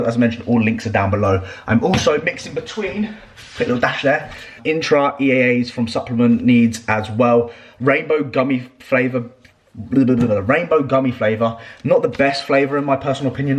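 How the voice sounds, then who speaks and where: A young man chatting casually as a fitness vlogger, swearing freely and ranting loudly. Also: mid-range voice, a little hiss or hum. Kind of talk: casual vlog chat. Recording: echoey room.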